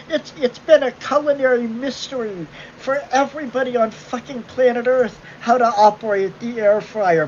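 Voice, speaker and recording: A woman's voice: on the high side, steady tone, normal speed, hardly any pauses, darkish tone. Woman, livestream rant, sarcastic, angry, swears a lot, dull lo-fi audio, faint hiss. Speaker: livestream host.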